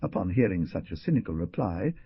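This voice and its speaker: A man narrating an adventure audiobook in a dramatic, expressive reading. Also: deep voice, a little fast, breathy edge, dry recording, dull audio. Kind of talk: scripted narration.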